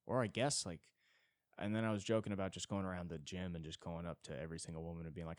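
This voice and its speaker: A man's voice: quick pace, clear, resonant tone, dry recording, clean studio sound. A man hosting his own podcast alone, telling crude, self-deprecating stories in a rambling comedic monologue. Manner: animated, jumps between high and low tones. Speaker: solo podcast host. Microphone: podcast mic.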